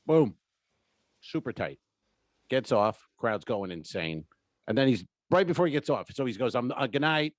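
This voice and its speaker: A man's voice: lowish voice, big pitch swings, moderate pace, pauses often, a little mellow, no echo. A man co-hosting a comedy podcast, telling a story in casual chat and swearing freely.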